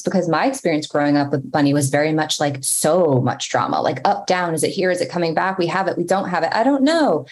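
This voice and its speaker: A woman speaking as a podcast guest, her voice sitting a little low. She talks candidly and swears freely, and she often slips into lively quotes of her own thoughts. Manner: candid, profane, slips into animated self-quoting. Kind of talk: casual podcast chat.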